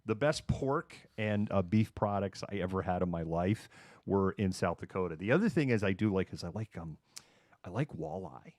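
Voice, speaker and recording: With a low, expressive, darkish voice at a moderate pace, a middle-aged Massachusetts man hosts a livestream from his home room. He's chatty and sarcastic, acting out people he quotes, and the recording is dry and clean like a studio.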